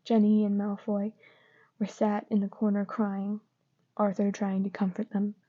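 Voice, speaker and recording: Woman reader, fan fiction; subdued, monotone, muffled lo-fi audio. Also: mid-range voice, unhurried. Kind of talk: reading fan fiction aloud. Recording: dull lo-fi recording.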